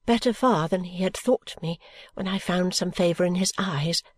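A woman narrating a novel in the first person, with an earnest, tender and measured delivery. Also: on the low side, slightly rough. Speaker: audiobook narrator.

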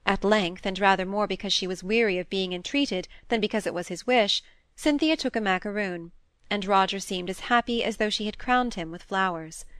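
A woman's voice: mid-range voice, normal speed, a bit bright, smooth, dry recording. Woman narrating a classic novel, dry sound. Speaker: audiobook narrator.

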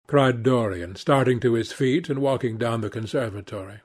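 A man narrating a classic novel aloud in a measured, restrained reading. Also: mid-range voice, darkish tone, slightly rough. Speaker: audiobook narrator.

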